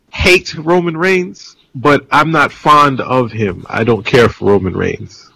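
Animated man calling out wrestling moves. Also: medium pitch, takes it slowly, creaky, poor audio. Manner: animated, acts out matches like a play-by-play. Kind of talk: casual podcast chat about wrestling.

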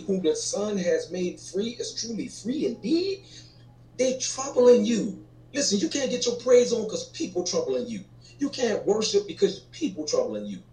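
A man preaching a rousing sermon, calling out to his listeners and breaking into sudden high cries. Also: darkish tone. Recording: roomy echo, distant from the mic, faint music.

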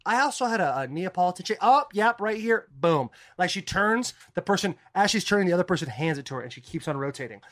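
A man's voice: sits high, animated, quick pace, hardly any pauses, fairly bright tone, no room sound, studio quality. A man from Arizona co-hosting a casual chat, telling rambling stories full of crude slang. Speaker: podcast co-host.

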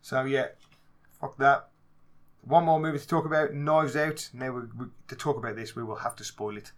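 A man with a Black Country accent rants through a movie review in casual podcast chat. His voice sits at a middle pitch, and he swears freely and often jumps into loud, acted-out bits of the scenes he describes. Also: steady tone, normal speed. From England. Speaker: podcast co-host.

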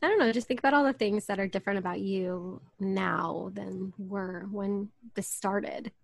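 A woman's voice: medium pitch, normal speed, creaky, no room sound. Chatty woman podcast host, dry close mic. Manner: chatty, many fillers like "um" and "like". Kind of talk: casual podcast chat.

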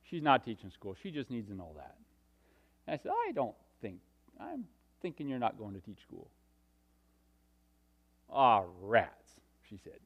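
A middle-aged man preaching a sermon, telling personal stories and swinging from hushed asides to loud, animated stretches. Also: medium pitch, a little slow, pauses often, lo-fi sound.

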